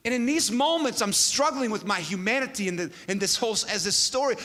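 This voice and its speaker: A man preaching a sermon to a church, telling a story with an animated delivery that swings from hushed to loud. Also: high voice, a little fast. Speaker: pastor. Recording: long hall reverb.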